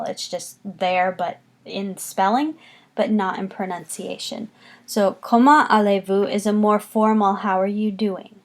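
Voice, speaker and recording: A woman teaching a beginner French lesson, patiently repeating each word for her students. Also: mid-range voice. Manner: patient, slow, repeats words for students to copy. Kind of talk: recorded classroom lesson.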